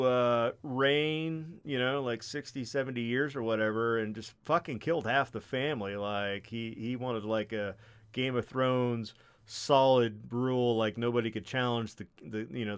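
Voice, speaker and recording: Smooth-voiced man telling a rambling story. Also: mid-range voice, steady tone, unhurried. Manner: rambling, profane, many fillers. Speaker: podcast host. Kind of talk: casual storytelling chat.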